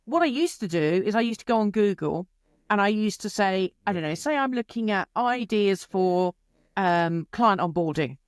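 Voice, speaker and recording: A woman, a creativity expert answering interview questions in an animated, chatty way, with quick asides and playful quotes. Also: medium pitch, clear, resonant tone, no room sound.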